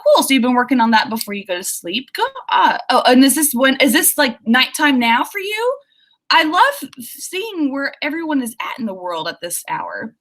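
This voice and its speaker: A woman's voice: on the high side, fairly bright tone. A young woman with an Oklahoma accent, hosting a writing livestream and chatting through viewer comments in a bubbly, chatty way. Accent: Oklahoma, Southern US. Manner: bubbly, chatty, lots of fillers and laughs. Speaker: livestream host. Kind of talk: casual livestream chat reading comments.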